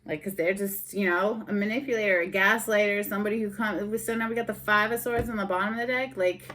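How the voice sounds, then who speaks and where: A woman's voice: mid-range voice, steady tone, fast talker, a bit bright, a little hiss or hum. A woman giving a casual tarot reading in a blunt, sassy way, swearing and getting fired up. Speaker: tarot reader.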